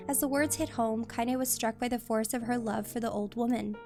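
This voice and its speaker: High-pitched female streamer, steady read-aloud narration, soft music behind. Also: a little fast, hardly any pauses. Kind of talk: reading a novel aloud on stream.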